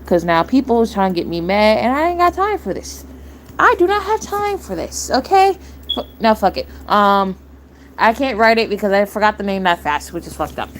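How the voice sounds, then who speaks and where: A woman's voice: mid-range voice, lively intonation, fairly quick, a little hiss or hum. A young woman streamer ranting, heated and blunt, swearing and repeating herself. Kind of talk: angry rant on a live stream.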